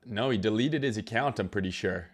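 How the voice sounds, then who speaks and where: A man hosting a crypto trading livestream speaks briskly in a fairly low voice with a breathy edge, recovering from illness. Loose and profane, he reads chat names aloud to greet his viewers.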